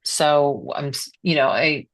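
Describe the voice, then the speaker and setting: A low-voiced woman joins an online meeting from her phone and talks earnestly, with many pauses and fillers. Her voice sounds dry and close to the mic. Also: dry recording. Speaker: workshop participant, past organization president. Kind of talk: casual sharing in an online meeting.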